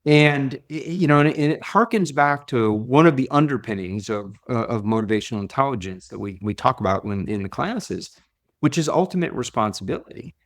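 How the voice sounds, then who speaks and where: A man who works as a leadership coach, speaking as a podcast guest. He tells stories in an animated way and often repeats and restarts his words. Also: medium pitch, fairly quick. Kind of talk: conversational interview storytelling.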